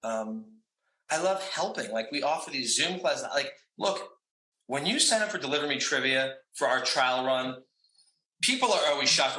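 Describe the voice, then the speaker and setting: A man's voice: mid-range voice, sharp tone. A man being interviewed as a guest, talking casually with frequent laughs and fillers. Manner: chatty, laughs often, many fillers. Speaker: guest, trivia company owner. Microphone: video call setup. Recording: echoey room.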